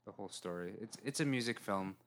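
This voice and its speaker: A man chatting casually as a guest, talking haltingly with many restarts. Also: on the low side. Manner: halting, restarts often, laughs at himself. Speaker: guest actor and writer. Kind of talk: casual podcast chat.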